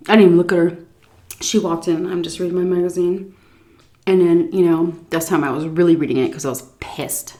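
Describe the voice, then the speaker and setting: A woman vlogger in casual storytime chat, animated, laughing often and acting out what people said. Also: fairly low pitch, a little fast. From United States.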